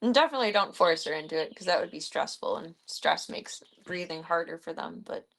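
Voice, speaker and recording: A woman's voice: animated, fairly quick, vocal fry, a bit bright. A young woman streaming from home, chatting casually with viewers about her pets, giggly and talkative. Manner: chatty, giggly, talks in a high sing-song baby voice to her cats. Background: bird sounds and fan noise.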